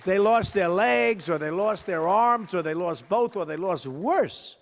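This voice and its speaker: A man in his sixties giving a campaign rally speech, repeating lines for emphasis and swinging from loud outbursts to low asides. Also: expressive, unhurried, some chatter behind. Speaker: presidential candidate. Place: high school gym with a crowd. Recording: long hall reverb.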